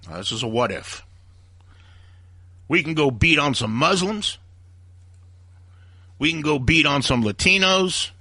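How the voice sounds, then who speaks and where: Husky ranting talk radio man. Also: on the high side, lively intonation, measured pace, pauses often, sharp tone, dry recording, clean studio sound. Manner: ranting, heated, acts out quoted voices. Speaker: radio talk show host. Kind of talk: opinionated talk radio monologue.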